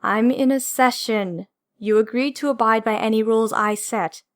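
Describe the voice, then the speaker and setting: A firm female therapist holding her ground, read by a woman narrator in an audiobook. Her replies are clipped and guarded, in a slightly high voice. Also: fairly even intonation, brisk, lightly acted.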